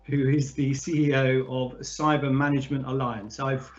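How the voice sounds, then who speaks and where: A man hosting a discussion in a relaxed, chatty way, often pausing and restarting his sentences. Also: medium pitch, muffled recording. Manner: hesitant, many fillers and restarts. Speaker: podcast host. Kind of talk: casual conversational hosting.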